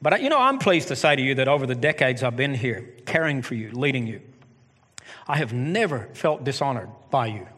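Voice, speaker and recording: A middle-aged man preaching a sermon as pastor of his church, animated with joking asides. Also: medium pitch, brisk. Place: church sanctuary. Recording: long hall reverb.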